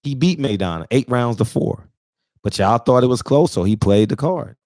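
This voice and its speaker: Expressive and moderately paced, this medium-pitched, slightly mellow voice comes from a barbershop talk show regular in his forties. Close to tears, he delivers a casual, preachy monologue, emphatically repeating his points, captured studio-quality with no room sound.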